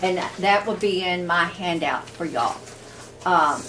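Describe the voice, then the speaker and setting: Woman, workshop teacher, slow unhurried pace, distant mic, faint room ambience. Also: lowish voice, fairly bright tone, slight background noise. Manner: informal, many fillers and restarts. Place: classroom.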